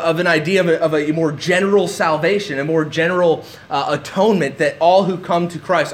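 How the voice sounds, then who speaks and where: A man's voice: on the high side, fairly bright tone. A man preaching a sermon, emphatic and repeating words for stress. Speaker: pastor.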